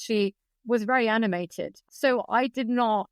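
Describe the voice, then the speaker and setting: A woman's voice: on the high side, unhurried, clean tone, no room sound. A woman from Britain, a guest biographer on a podcast, speaking in an articulate, precise and opinionated way. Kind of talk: podcast discussion.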